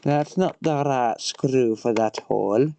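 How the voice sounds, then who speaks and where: A man's voice: medium pitch, slow, gravelly, warm tone, slight background noise. A man livestreaming a repair, muttering to himself and chatting offhand with joking asides. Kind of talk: casual livestream chatter while working.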